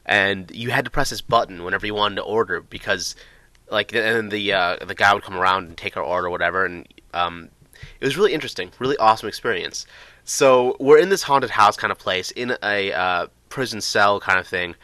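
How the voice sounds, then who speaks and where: Bright-toned man telling a rambling story. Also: on the low side, brisk, no echo. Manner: rambling, filler-heavy, excitable retelling. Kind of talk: casual storytelling.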